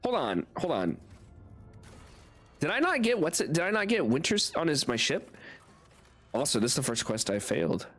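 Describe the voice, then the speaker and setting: A young man streams a game live and reacts with excitable commentary. He laughs easily and swears casually as he reads and plays. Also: on the high side, a little fast, faint music behind. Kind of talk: live gameplay commentary and reading.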